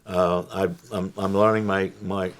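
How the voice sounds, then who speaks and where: Older male actor as guest, low voice, measured and modest. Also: flat delivery, a little hiss or hum. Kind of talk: casual interview chat.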